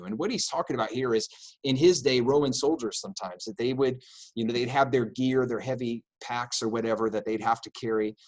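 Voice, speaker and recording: Man giving a casual, halting sermon. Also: mid-range voice, breathy edge. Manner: conversational, many fillers and restarts, acts out quoted voices. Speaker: preacher. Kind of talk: informal sermon.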